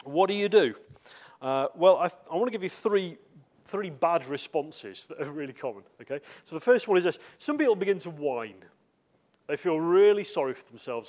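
A man's voice: fairly high pitch, lively intonation, moderate pace, a little mellow. Man preaching a conversational sermon. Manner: conversational, with frequent fillers and asides. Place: church.

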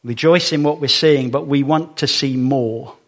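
A man's voice: medium pitch, a little slow. A man giving a sermon in a conversational way, with fillers and small asides to the congregation. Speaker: preacher.

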